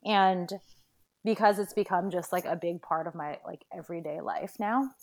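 A young woman, pregnant and tired and slightly out of breath, chats casually as a podcast guest. Her voice is on the low side and moves at a normal speed, full of fillers and laughter.

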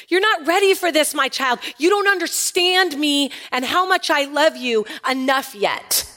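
A woman preaching a sermon, animated and casual with slangy asides, dropping to soft intimate tones for emphasis. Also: sits high. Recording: long hall reverb.

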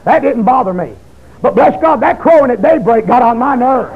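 A man preaches a fiery testimony, his voice pitched high. He breaks into shouted, pleading bursts. The recording is dull and muffled, like an old tape. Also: animated, moderate pace, slight background noise.

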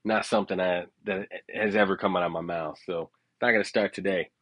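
A man with a somewhat low voice spins a casual, rambling story, swearing freely and often asking "you know what I'm saying?" He talks loosely and conversationally and chuckles at his own anecdote. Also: steady tone, brisk, a bit bright, no room sound.

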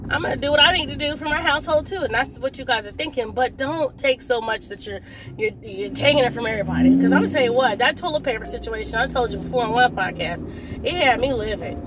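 A woman's voice: a little high, big pitch swings, fast, background noise. A woman giving a casual opinion monologue while driving, sassy and scolding, with frequent laughs. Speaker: vlogger.

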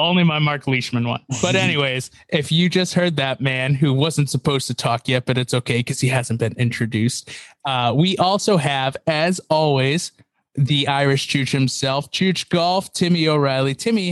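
A man's voice: medium pitch, moderate pace, a bit bright, no echo. Joking young man hosting a podcast. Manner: joking, self-mocking banter. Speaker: podcast host. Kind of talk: casual golf podcast chat.

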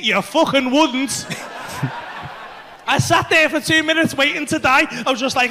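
Brief: man, very high voice, animated sweary anecdote with acted screams. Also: a little fast. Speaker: podcast co-host. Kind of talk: animated storytelling.

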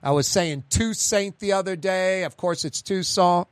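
A man's voice: high voice, a little slow, clear, resonant tone, no room sound. A male radio talk show host, chatting on air in a blunt, ranting way with sarcastic asides.

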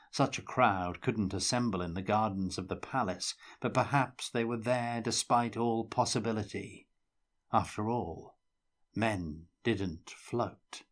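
A man reading a fantasy novel aloud in a measured, dramatic storytelling manner. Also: on the low side. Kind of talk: audiobook-style fiction reading.

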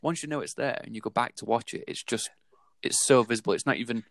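A man in a casual film chat, telling his points in a relaxed, rambling way. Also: medium pitch, quick pace, creaky, dry recording.

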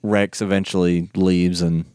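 Low, clear-voiced man chatting about a movie. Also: little pitch movement, unhurried, mellow, dry recording, studio quality. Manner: acts out quotes in a higher voice, loose and laughing. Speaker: movie discussion co-host. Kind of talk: casual chat, retelling a movie scene by scene.

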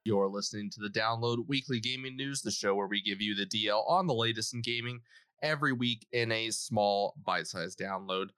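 A man's voice: fairly low pitch, a little fast, bright, forceful tone, smooth, no echo. A man co-hosting a casual gaming podcast, bantering playfully and poking fun at himself. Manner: playful, self-mocking banter. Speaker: podcast co-host.

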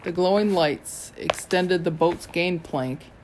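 A reader giving a steady, first-person audiobook narration. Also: mid-range voice, takes it slowly, slight background noise.

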